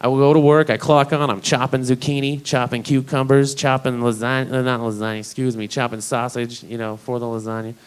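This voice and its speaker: A man's voice: medium pitch, flat delivery, brisk, hardly any pauses, clean tone, rough recording. A man doing a stand-up comedy set, talking in a rambling, profane, conversational way.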